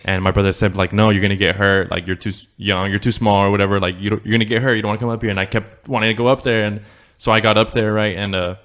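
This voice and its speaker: A man's voice: on the low side, little pitch movement, rapid-fire, few pauses, fairly bright tone. A young man co-hosting a podcast, telling a childhood story in a rambling, swearing, laughing way. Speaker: podcast co-host. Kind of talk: casual storytelling chat.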